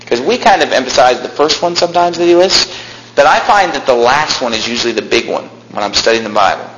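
A male pastor preaching a sermon in a church, emphatic, with animated asides. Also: medium pitch, fast. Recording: echoey room with faint noise.

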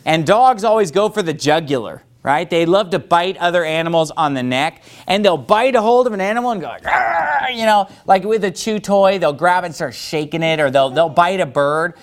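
A man preaching a sermon with a fairly high voice. He delivers it in an animated, emphatic way, now and then growling through his teeth to act out anger. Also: fairly quick, few pauses. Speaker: pastor.

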